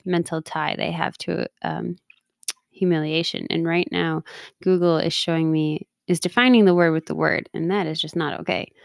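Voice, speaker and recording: A woman in her thirties with a low, gravelly voice talks through a candid, reflective monologue. She often laughs at herself. The recording is dry and close. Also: no room sound. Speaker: podcast host and mindset coach.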